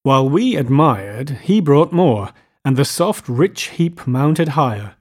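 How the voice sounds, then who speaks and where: A man narrating literary fiction aloud in a measured, unhurried way. His voice sits in a middle pitch range. It is a scripted audiobook reading. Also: big pitch swings.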